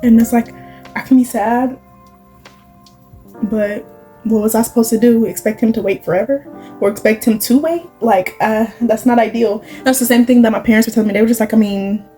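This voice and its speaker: A woman's voice: a little high, fairly even intonation, a little fast, mellow, faint music behind, low-quality recording. A young woman, rambling and confiding as she chats through her makeup routine, with plenty of "like" and "you know". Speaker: vlogger. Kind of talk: casual chatty vlog while doing makeup.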